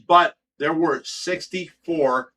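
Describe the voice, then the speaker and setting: A man's voice: fairly high pitch, slow, bright, forceful tone. A man hosting a livestream, telling a story in a heated, profane way. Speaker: host. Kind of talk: livestream chat.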